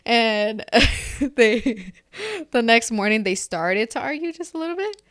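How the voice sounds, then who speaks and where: A woman's voice: fairly high pitch, animated, measured pace. Mom in her 30s on a podcast, chatty, keeps laughing thru her stories. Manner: laughs often while telling stories. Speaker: podcast co-host. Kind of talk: casual chat.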